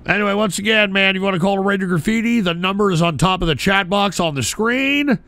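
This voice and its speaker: A man hosting a call-in stream show, ranting abrasively, hurling insults and often bursting into shouts while drinking beer. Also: high voice, quick pace. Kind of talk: profane live-stream rant.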